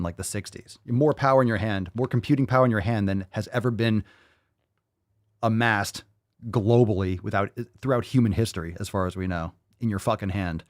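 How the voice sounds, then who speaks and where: A man's voice: lowish voice, no echo, studio quality. A man hosting a podcast, ranting casually with heavy swearing and repeating phrases for emphasis. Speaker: podcast host.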